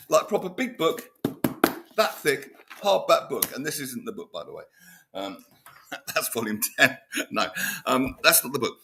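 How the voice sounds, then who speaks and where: Rambling, animated host, bright voice. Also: male voice, mid-range voice, normal speed, creaky, a little hiss or hum. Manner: rambling and animated, breaking into laughs. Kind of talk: casual chat.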